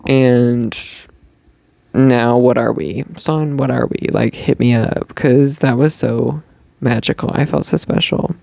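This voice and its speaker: A man's voice: medium pitch, fairly even intonation, slow, vocal fry, dark tone, dry recording, studio quality. A young man hosting his own podcast, chatting casually and gushing about a concert, full of "like" and "um". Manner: gushing, chatty fan talk with many likes and ums. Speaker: podcast host. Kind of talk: casual storytelling chat.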